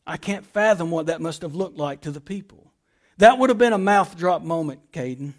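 A man preaching a sermon, emphatic, leaning hard on key words and then dropping to quiet, drawn-out phrases, and speaking straight to his listeners. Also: a little high, animated. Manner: emphatic, swings between loud stresses and quiet drawn-out phrases; addresses listeners directly and by name.

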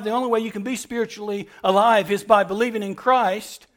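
Man, pastor, high voice, sermon, emphatic repetition, soft then loud. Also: fairly even intonation, brisk, few pauses. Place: church.

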